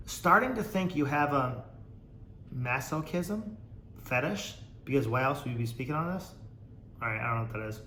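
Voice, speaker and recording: A man's voice: a little high, wildly swooping pitch, measured pace, long pauses, a bit bright, roomy sound. A man hosting a casual podcast, reading viewer comments aloud and mocking them sarcastically, swearing freely. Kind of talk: casual chat.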